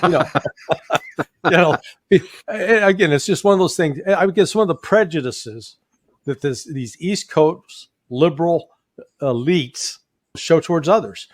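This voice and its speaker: A man's voice: a little high, unhurried, dry recording, studio quality. A man with a Midwestern American accent, a guest commentator with a folksy, sardonic manner and frequent chuckles.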